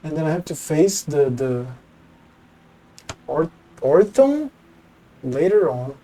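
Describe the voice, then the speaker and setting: Man, game streamer, casual gameplay commentary, slow delivery, slightly high voice, excitable, swears a lot. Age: adult, former teacher. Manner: excitable, swears often, thinks aloud.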